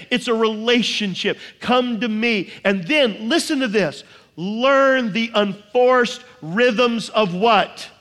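A man preaching a sermon to a congregation, emphatic and full of rhetorical questions, drawing out key lines slowly. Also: high-pitched, fairly bright tone. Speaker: pastor. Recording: long hall reverb.

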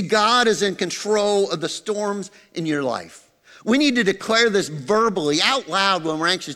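A man preaching a sermon as pastor, animated, dropping to soft low tones for emphasis. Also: in a large hall.

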